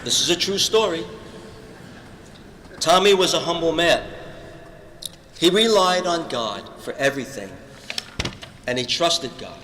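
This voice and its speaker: A panel speaker gives an earnest storytelling testimony, recounting episodes from his own life and acting out what other people said. His voice is fairly high with lively intonation, and he speaks unhurriedly with long pauses. The recording comes from an echoey hall with long reverb and a noisy background.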